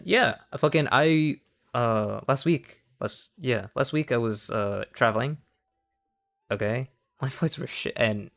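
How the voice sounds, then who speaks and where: Low gravelly-voiced male streamer. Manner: profane, rambling, self-interrupting. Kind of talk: casual livestream commentary.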